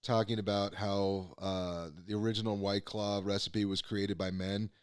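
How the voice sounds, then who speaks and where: A man's voice: lowish voice, level tone, normal speed, clean tone, no echo, studio quality. A man hosting a casual podcast chat, rambling and swearing, with many fillers. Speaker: podcast host.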